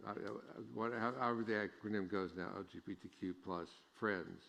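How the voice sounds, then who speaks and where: A man's voice: fairly low pitch, fairly quick, gravelly, a bit bright. A middle-aged man preaching a sermon as pastor, folksy and joking, rising to emphatic preaching. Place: church sanctuary. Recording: long church reverb.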